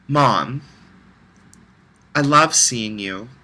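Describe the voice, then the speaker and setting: A man's voice: medium pitch, very slow, pushed and bright, low-quality recording. A man recording a heartfelt, rambling personal video message, close to tears at times.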